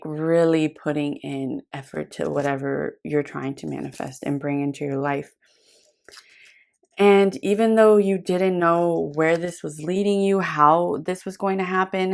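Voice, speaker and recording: Low-voiced gentle woman reading tarot. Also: vocal fry. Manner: gentle, affectionate, rambling with fillers. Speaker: tarot reader. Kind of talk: intimate tarot reading to camera.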